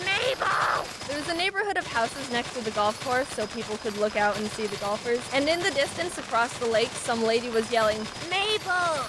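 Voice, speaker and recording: Brief: woman with a higher voice, deadpan storyteller over gameplay, noisy background. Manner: deadpan, sarcastic asides.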